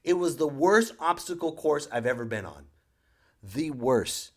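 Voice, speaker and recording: A male podcast host telling a comedic story and ranting with exasperated energy. His voice sits a little high for a man and jumps around a lot, with loud outbursts and sudden drops. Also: lively intonation, moderate pace.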